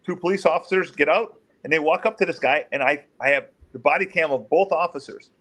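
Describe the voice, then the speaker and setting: A middle-aged man, a former police officer, telling case stories in an interview and acting out the quoted voices. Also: fairly quick. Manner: animated, acts out quotes in raised pitch. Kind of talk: storytelling in an interview.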